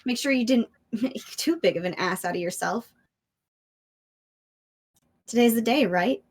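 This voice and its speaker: A woman's voice: on the high side, a little slow, breathy edge. A woman voicing a playful, affectionate big sister, reading game dialogue in a teasing way. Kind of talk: reading visual novel lines aloud.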